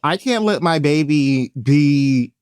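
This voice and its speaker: Animated, profane man podcast host. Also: on the high side, takes it slowly, clear, resonant tone, no room sound, clean studio sound. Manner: animated, profane storytelling with mock quotes. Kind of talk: casual podcast chat.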